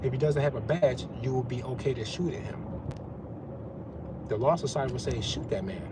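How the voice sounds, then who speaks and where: A man's voice: mid-range voice, fairly quick, noisy background. A man giving a profane, confrontational rant as a vlogger. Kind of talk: ranting monologue.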